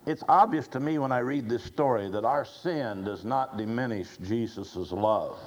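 A man preaching a sermon, slow and deliberate, quoting scripture as he goes. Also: mid-range voice, muffled recording.

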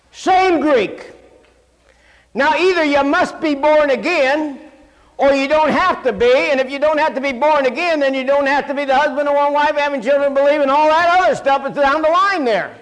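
Man, preacher, very high voice, animated storyteller, long hall echo. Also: moderate pace. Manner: animated storyteller, self-mocking humor. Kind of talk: sermon with personal stories.

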